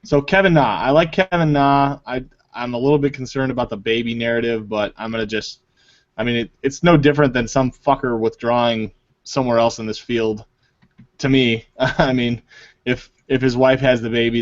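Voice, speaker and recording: A man's voice: mid-range voice, dry recording. A man hosting a casual fantasy golf chat, loose and jokey, swearing now and then, heard over an online call. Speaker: podcast host. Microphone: online call mic. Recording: dull lo-fi online call audio.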